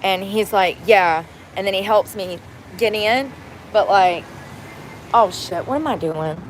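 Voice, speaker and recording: A woman's voice: medium pitch, a little slow, a little hiss or hum. A woman chatting casually and candidly to her viewers from inside a truck, rambling and cursing freely. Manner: candid, rambling, salty language. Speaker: vlogger. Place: inside a truck at a gas station.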